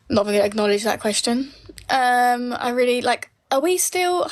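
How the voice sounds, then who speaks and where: Slow and lively in intonation, her voice sitting high, a woman in her late twenties bluntly takes on viewer comments during a live Q&A, swearing as she goes and voicing her opinions plainly.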